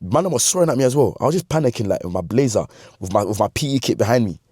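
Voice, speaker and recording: Animated London storyteller, husky low voice. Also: male voice, rapid-fire, no room sound, studio quality. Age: 20s. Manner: animated, slangy, laughs between lines. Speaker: vlogger. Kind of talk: comedic storytime.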